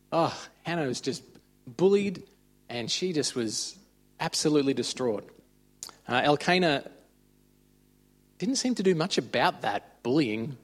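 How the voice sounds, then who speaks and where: A man's voice: medium pitch, animated, unhurried, pauses often. A man giving an informal, conversational sermon. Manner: conversational, chatty retelling of stories. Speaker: preacher.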